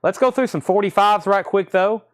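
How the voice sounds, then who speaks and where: Listing titles and prices with casual side comments, this man hosts a live record sale stream. His voice is high and moderately paced, captured in a clean studio recording with no room sound.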